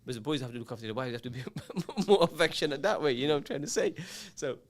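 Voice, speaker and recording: A man's voice: mid-range voice, expressive, rapid-fire. A man hosting a radio talk show, giving earnest, emphatic advice that lists points and repeats them.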